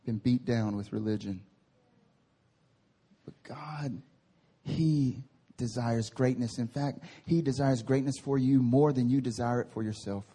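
A man preaching a sermon as pastor, lively, with playful voiced asides and big swings from loud to hushed. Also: medium pitch, moderate pace, hardly any pauses. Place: church service.

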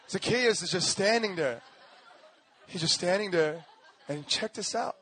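In a high, unhurried voice, a young man preaching as pastor relates his testimony with slangy exuberance, impersonating voices and bouncing between laughs and shouts. Some chatter and slight background noise can be heard.

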